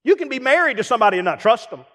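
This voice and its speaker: Guest preacher, middle-aged man, high-pitched, lively delivery with mimicked voices, reverberant church hall. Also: racing. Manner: animated preaching with acted-out asides and rhetorical questions. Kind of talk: sermon.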